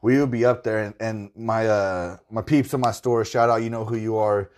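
A man's voice: lowish voice, fairly even intonation, normal speed, a little mellow. A man who works in a store, a guest on a podcast, ranting emphatically in casual chat with plenty of swearing. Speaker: store worker.

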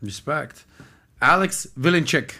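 A man's voice: fairly high pitch, animated, unhurried, pushed and bright. A man hosting a podcast, chatting casually and wrapping up with playful jokes. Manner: playful, joking sign-off. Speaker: podcast host.

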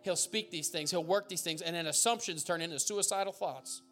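A man preaching a sermon as pastor, fiery and loud at peaks, with folksy jokes and asides. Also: a little high, fairly quick, soft background music. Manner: fiery preaching, bursts into shouts.

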